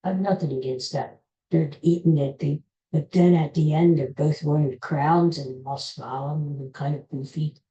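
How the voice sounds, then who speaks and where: Low dark-voiced woman grumbling thru a podcast rant, kinda echoey room. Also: fairly even intonation, normal speed, lo-fi sound. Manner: grumbling, indignant ranting. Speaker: podcast host. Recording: roomy echo.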